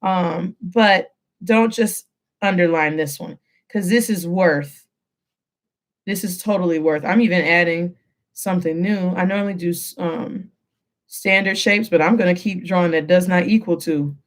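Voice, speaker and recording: A woman teaching a Spanish lesson, switching between English and Spanish and slowing down to stress key phrases. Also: on the low side. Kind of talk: classroom lesson.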